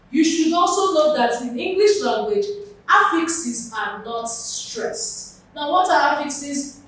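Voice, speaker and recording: A woman from Nigeria teaching an exam lesson in a slow, deliberate way, repeating and spelling out words at a board in a classroom. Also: fairly high pitch. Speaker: exam tutor. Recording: echoey room from far off with faint noise.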